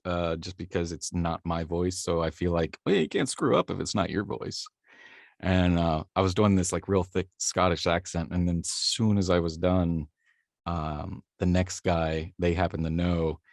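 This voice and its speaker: A man's voice: deep voice, dry recording, studio quality. A man, a voice actor, telling his story in a rambling, self-deprecating way during a casual interview, laughing easily. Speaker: voice actor guest.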